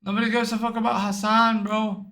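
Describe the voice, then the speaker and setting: A man's voice: sits high, level tone, brisk, a bit bright, echoey room. A man live-streaming in a brash, boastful, profane way, tired out. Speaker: livestreamer. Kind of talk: casual live-stream chat.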